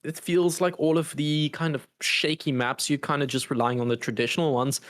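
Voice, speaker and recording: A man with a fairly high voice co-casts a live esports match. He jokes easily and banters with his partner and the audience in chat. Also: fairly even intonation, a little fast, a bit bright. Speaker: esports co-caster.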